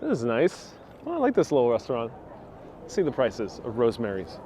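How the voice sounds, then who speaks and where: With a warm, mid-range voice that swoops wildly in pitch at a fairly quick pace, a man hosts a live walking tour on a city street. He chats easily and reads viewer comments while strolling; his wireless clip-on mic adds a little hiss or hum.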